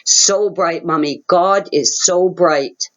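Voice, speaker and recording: A woman's voice: fairly low pitch, slow pace. A woman voicing a cheerful two-and-a-half-year-old boy who speaks in a merry, matter-of-fact way. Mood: hushed. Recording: muffled lo-fi audio.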